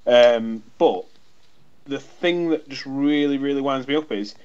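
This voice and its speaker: A man's voice: mid-range voice, unhurried, darkish tone, clear, resonant tone, muffled recording. A man, co-hosting a podcast and telling a rambling anecdote in casual chat, swearing freely and acting out both sides of a conversation. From England. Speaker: podcast co-host.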